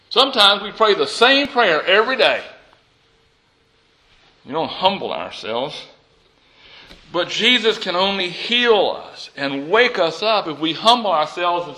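Acting out prayers from the pulpit, a high-pitched male pastor moves from urgent, loud passages to quiet, pleading ones.

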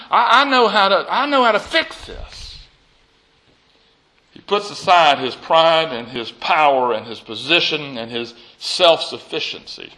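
A slightly high-voiced man preaches as a pastor, swinging between loud urgency and hushed pleading as he acts out prayers.

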